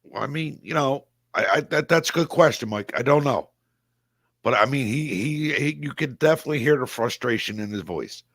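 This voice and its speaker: A man's voice: mid-range voice, lively intonation, normal speed, a bit bright, no room sound, studio quality. A man co-hosting a casual sports podcast, frank and emphatic, often repeating his point. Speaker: podcast co-host.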